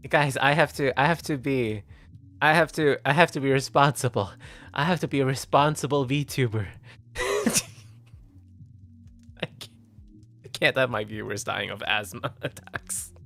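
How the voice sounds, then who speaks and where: A man's voice: medium pitch, measured pace, long pauses, fairly bright tone, faint music behind. A male VTuber streamer, not a native English speaker, chatting casually in a giggly, stammering way that repeats words. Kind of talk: casual livestream chat.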